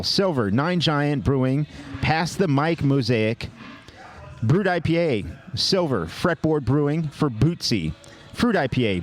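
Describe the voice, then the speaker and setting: A man co-hosting a podcast, jokingly rattling through a list of award winners with quick asides. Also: on the high side. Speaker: podcast co-host. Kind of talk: casual chat, reading award lists.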